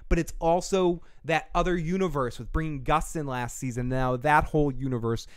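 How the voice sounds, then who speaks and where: A man hosting a podcast review livestream, rambling and excitable, swearing casually and answering chat comments. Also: a little high, normal speed, clean tone, no echo, studio quality. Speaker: podcast host reviewing a TV episode.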